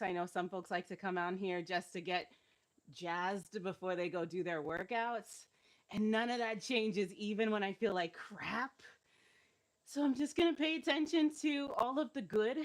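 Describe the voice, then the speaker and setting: In a mid-range voice that's a little slow, a woman instructs a live-streamed exercise session. She encourages everyone and laughs a lot despite cramping and feeling unwell.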